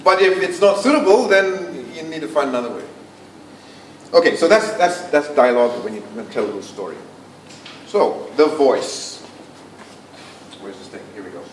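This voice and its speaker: A man teaching public speaking to a club audience, projecting his voice without a microphone and dropping very soft for emphasis. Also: on the high side, very animated, normal speed, long pauses. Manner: projects to a room without a mic, drops to near-whisper for emphasis. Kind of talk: speech workshop talk. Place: meeting room before a club audience. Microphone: no microphone, recorded from a distance. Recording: roomy, distant, faint room noise.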